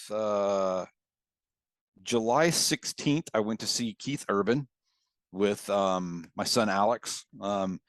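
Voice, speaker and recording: A man's voice: lowish voice, dry recording. A man co-hosting a podcast, rambling through casual stories and laughing as he tells them, on a video call. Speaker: podcast co-host. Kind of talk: casual chat.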